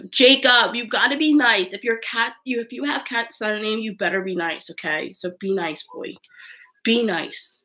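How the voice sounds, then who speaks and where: A woman's voice: fairly high pitch, unhurried, sharp tone. A young woman hosting a casual live stream, rambling through chat comments with lots of "like" and frequent laughter. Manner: chatty, rambling, heavy use of "like", frequent laughs.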